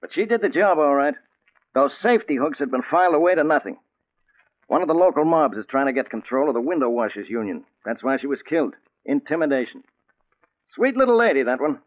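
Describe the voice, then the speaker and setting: A man's voice: a little high, big pitch swings, a little fast. An actor playing a wry, matter-of-fact male police captain in a 1940s radio drama. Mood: dry. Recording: tinny old radio broadcast.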